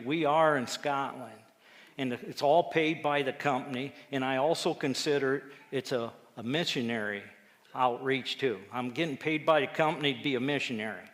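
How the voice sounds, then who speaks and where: A man, a lay preacher telling a personal testimony story, acting out quotes with lively jumps in his voice. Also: mid-range voice. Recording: echoey hall with long reverb.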